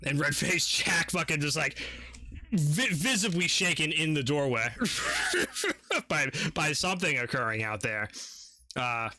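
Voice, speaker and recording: A man running a tabletop game, his voice bright and lively as he rambles through the scene. He swears freely and leans on filler words, and the sound is dry and close. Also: on the high side, a little slow, dry recording. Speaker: dungeon master.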